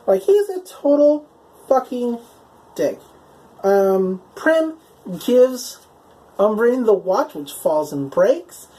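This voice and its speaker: A woman's voice: fairly high pitch, very animated, slow pace, long pauses, mellow, low-quality recording. A woman giving a casual, enthusiastic spoken recap of a TV episode. She leans heavily on "like" and "um" and swears now and then. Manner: chatty, heavy use of "like" and "um" fillers; enthusiastic, openly emotional. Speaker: TV episode reviewer.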